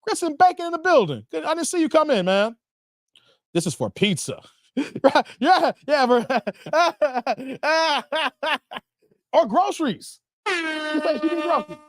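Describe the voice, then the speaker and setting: A man's voice: very high-pitched, big pitch swings, unhurried, no room sound. A man hosting a livestream, reading chat comments aloud in casual slangy banter and laughing often.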